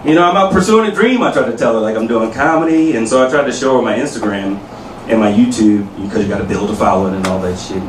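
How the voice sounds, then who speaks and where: A man in his thirties doing a stand-up comedy set on a club stage, with animated, punchy delivery. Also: mid-range voice, quick pace, noisy background. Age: 30s. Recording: distant mic in a loud echoey room. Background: loud room ambience.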